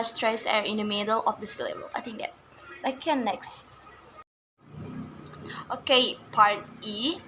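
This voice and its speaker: Slow halting woman reading a word list. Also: on the high side, fairly bright tone, slight background noise, poor audio. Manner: halting, with many fillers, repeats and self-corrections. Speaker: English learner presenting stress rules. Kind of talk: reading out an English lesson.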